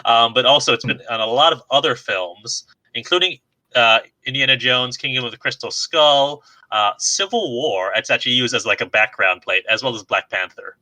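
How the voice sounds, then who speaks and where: Very bright-voiced chatty podcast host. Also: male voice, medium pitch, normal speed, rough recording. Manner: chatty, laughs often, self-deprecating. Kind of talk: casual podcast chat.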